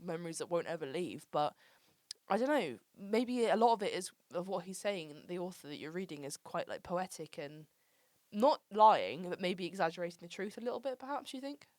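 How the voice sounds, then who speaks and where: A woman's voice: lowish voice, animated, a little fast, darkish tone, dry recording, clean studio sound. A woman from England in her twenties, hosting a casual chat and telling stories, full of "like" and "um". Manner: chatty storyteller, lots of "like" and "um". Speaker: podcast host.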